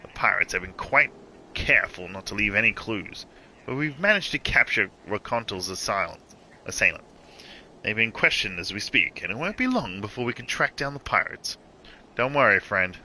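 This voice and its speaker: A man's voice: on the low side, expressive, pushed and bright, slight background noise, full character voice, poor audio. Man reading as a stern guard officer. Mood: grave. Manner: formal, measured reading of quest dialogue. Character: stern, dutiful guard officer giving orders.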